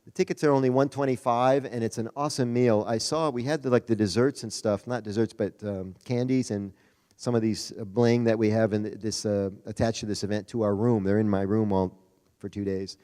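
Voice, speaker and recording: In a large conference hall, a man with a lowish, mellow voice speaks steadily and a little fast as a Rotary district leader. His folksy, chatty speech includes jokes with the crowd over a PA mic, and the recording carries the hall's reverb.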